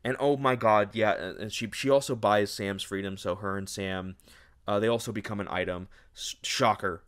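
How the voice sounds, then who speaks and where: A man's voice: lowish voice, a bit bright, clean tone. A young man giving a casual, sarcastic, exasperated book review, ranting and mocking as he retells the plot.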